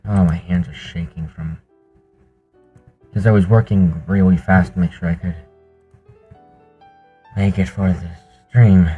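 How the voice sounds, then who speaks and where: A man chatting on his stream while still out of breath, halting and trailing off between sighs. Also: low voice, steady tone, husky, narrow, tinny audio, faint music behind. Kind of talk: casual stream chat.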